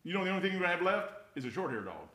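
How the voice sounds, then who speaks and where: A man preaching an informal sermon, folksy and conversational, rising loud and then dropping quiet. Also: high voice, sing-song, rapid-fire.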